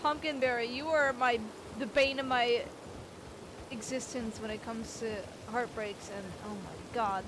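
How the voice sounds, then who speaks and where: A woman's voice: on the high side, steady tone, measured pace, noisy background. A woman streaming a western roleplay game, chatting casually, swearing freely and thanking viewers.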